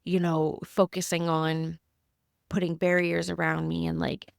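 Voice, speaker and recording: A woman's voice: sits low, monotone, measured pace, creaky, dry recording, clean studio sound. A woman speaking as a spiritual medium, sharing messages in an earnest, heartfelt, casual podcast talk.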